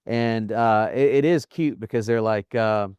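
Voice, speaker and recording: A man co-hosting a podcast in casual chat, retelling scenes in a chatty way with quick asides. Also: lowish voice, a little mellow, clean tone, no room sound, muffled recording. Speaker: podcast co-host.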